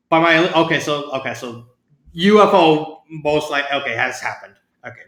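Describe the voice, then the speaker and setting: A man's voice: a little high, sing-song, normal speed, pauses often, fairly bright tone. A man reading fanfiction aloud, often breaking off to comment, stumbling over words and giggling at the text. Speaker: fanfiction reader. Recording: roomy echo.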